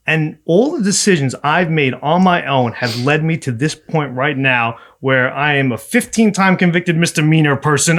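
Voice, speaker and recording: A man's voice: a little high, fairly bright tone. A man in his thirties, a podcast guest, telling his story in a casual interview and acting out the people in it.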